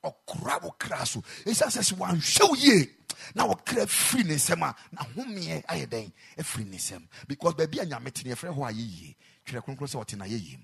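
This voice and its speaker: Lively high-voiced preacher. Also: male voice, moderate pace, gravelly, few pauses, breathy edge. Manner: switches between quiet speech and loud sung exhortation. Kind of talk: sermon. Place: chapel.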